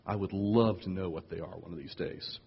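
Playful pastor in an echoey hall. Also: male voice, brisk, gravelly, husky, dull audio. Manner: playful, animated storyteller with big jumps in pitch. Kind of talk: sermon. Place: church sanctuary.

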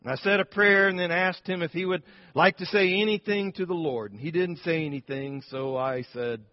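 A man's voice: high voice, normal speed, in a large hall, muffled recording, lightly acted. A man voicing an older Christian grandmother, firm and kindly, speaking in an earnest, emphatic way. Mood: homely.

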